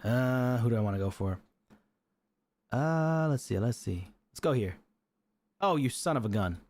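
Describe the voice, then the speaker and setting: A man streaming from a home setup, commentating his matches in a chatty, excitable way and laughing often. His voice sits at an ordinary middle pitch. He talks straight to his viewers. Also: measured pace, no room sound. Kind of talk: live gameplay commentary.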